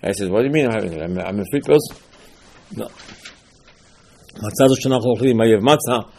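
A man giving an animated Torah class, asking and answering his own rhetorical questions. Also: fairly low pitch, racing, vocal fry. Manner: animated, rhetorical questions, lively emphatic teaching.

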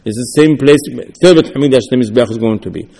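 A man teaching a sermon as a rabbi, acting out the dialogue animatedly. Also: fast. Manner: animated, dramatizing dialogue with swings in pitch and loudness. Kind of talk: sermon with acted-out quotes. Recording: long hall reverb.

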